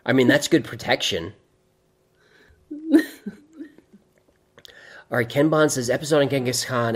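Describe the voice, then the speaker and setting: A man hosting a livestream, reading chat aloud in casual talk, wry and rambling, often laughing at his own jokes. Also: mid-range voice.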